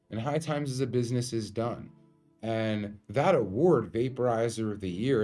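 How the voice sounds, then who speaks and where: A man's voice: lowish voice, darkish tone. A man, a company founder telling a candid, emotional story about his company's early days. He swears freely. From New York. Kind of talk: storytelling monologue.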